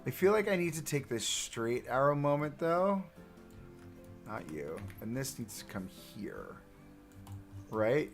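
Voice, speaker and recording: A chatty male streamer talks his viewers through each step in a loose, self-mocking way. His voice has a gravelly fry to it and swings up and down a lot, with faint music playing underneath. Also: medium pitch, very animated, slow, long pauses. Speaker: livestreamer. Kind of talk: casual game livestream commentary.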